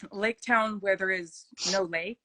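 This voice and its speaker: A woman's voice: medium pitch, a little slow, a crowd in the background, poor audio. Woman, host, casual book talk, gushing and full of restarts.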